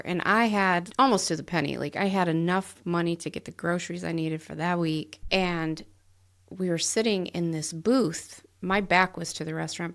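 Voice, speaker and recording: A woman co-hosting a podcast who tells stories in an animated way and acts out the quotes in a casual chat. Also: on the low side, vocal fry. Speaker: podcast co-host.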